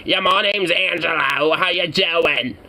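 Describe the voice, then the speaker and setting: A man's voice: fairly high pitch, measured pace, creaky, sharp tone, pitched above the performer's own voice, exaggerated voice. A man voicing a slimy woman with a put-on Jersey-ish accent and a brash, drawling manner. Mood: sleazy.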